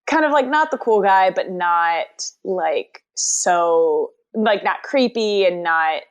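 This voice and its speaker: A woman's voice: lowish voice, expressive, slow pace, clear, resonant tone, lo-fi sound. Chatty woman podcast co-host. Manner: chatty, acts out quotes from scenes. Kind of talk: casual recap chat.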